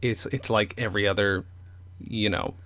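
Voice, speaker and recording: A man from upstate New York hosting a comedy podcast, measured and reflective, with a self-deprecating streak. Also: on the low side, fairly even intonation, a bit bright. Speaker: podcast host. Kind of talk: casual podcast chat.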